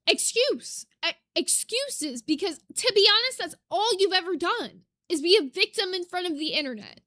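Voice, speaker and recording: A woman's voice: extremely high pitch, animated, normal speed, sharp tone, no room sound, clean studio sound. A woman giving blunt, profane reaction commentary on a video, ranting at what she hears. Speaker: reaction streamer.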